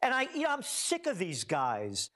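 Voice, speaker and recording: A man's voice: high-pitched, huge pitch swings, moderate pace, bright, forceful tone. A man speaking as a guest, giving heated, emphatic political commentary full of rhetorical questions.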